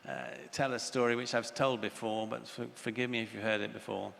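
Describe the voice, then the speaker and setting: A man's voice: medium pitch, level tone, brisk, gravelly, fairly bright tone, a little hiss or hum. An older man giving an earnest plenary lecture at a conference, telling stories as he speaks. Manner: earnest, storytelling with child voices. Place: large conference hall. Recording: reverberant hall, faint ambience.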